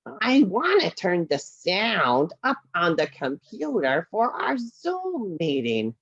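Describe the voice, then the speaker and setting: A woman's voice: fairly low pitch, wildly swooping pitch, husky, no echo, highs cut off, voice pushed down, full character voice. A woman voicing a glum, frustrated male felt animal puppet who sighs and sulks, in a puppet show over a video call. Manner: mopey, sighing, slow and sulky.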